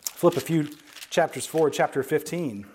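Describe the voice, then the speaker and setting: A man giving a sermon-style Bible lesson, speaking emphatically and slowing down to stress key words, with conversational asides to his listeners. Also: fairly high pitch, darkish tone, slight background noise. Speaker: Bible teacher.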